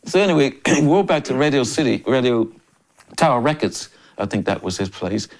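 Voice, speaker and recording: An older man in his sixties from Memphis, a drummer and interview guest, telling stories in a lively way, often laughing and acting out other people's lines. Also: medium pitch, brisk. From Memphis, USA. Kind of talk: casual storytelling interview.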